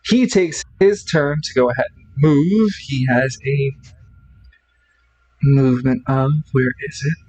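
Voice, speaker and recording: A man's voice: mid-range voice, unhurried, a little mellow, rough recording. A man narrating a tabletop role-playing game as game master, often stopping and restarting while he checks the rules.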